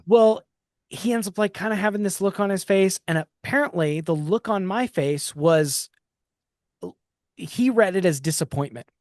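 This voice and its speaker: A man's voice: high-pitched, moderate pace, darkish tone, no room sound, clean studio sound. A man hosting a podcast, telling reflective stories in a casual conversation, often restarting his sentences. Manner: reflective storytelling, frequent restarts. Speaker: podcast host.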